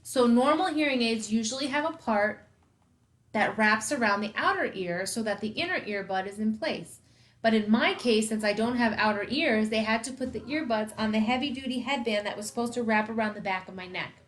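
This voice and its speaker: A woman, a school principal, reading a children's novel aloud with expressive first-person storytelling. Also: on the high side, fairly quick.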